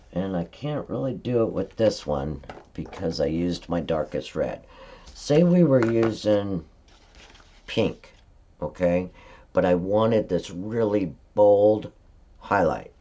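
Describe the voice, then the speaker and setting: Brief: woman craft demonstrator, low warm voice, chatty step-by-step coaching on a live stream. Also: very animated, slow, dull audio, a little hiss or hum. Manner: chatty step-by-step instruction, frequent "okay?" check-ins. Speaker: card-making demonstrator.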